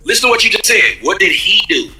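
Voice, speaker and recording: A man's voice: high voice, sing-song, quick pace, pushed and bright, reverberant, faint music behind. A man hosting a livestream, confronting his guest in a heated argument and hammering the same points again and again. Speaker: show host.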